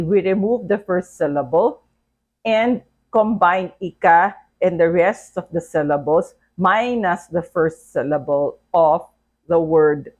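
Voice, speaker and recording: A woman's voice: fairly low pitch, highs cut off. A woman with a Filipino accent teaching a language lesson, explaining patiently and often checking in with "okay?". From Philippines.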